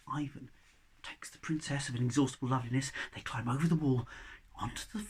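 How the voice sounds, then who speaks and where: A male storyteller telling a folk tale aloud, swinging between loud passages and hushed whispers. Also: medium pitch, a little fast, a little hiss or hum.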